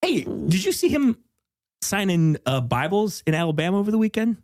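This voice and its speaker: A man's voice: high-pitched, big pitch swings, normal speed, darkish tone. A man hosting a comedy podcast, jokey and profane, who laughs often at his own bits. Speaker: podcast host.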